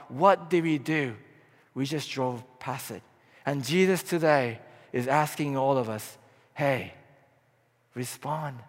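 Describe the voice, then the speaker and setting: A high-voiced man delivers an impassioned sermon, dropping to hushed tones and then climbing to loud appeals. His voice rings out with a long hall reverb. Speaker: pastor.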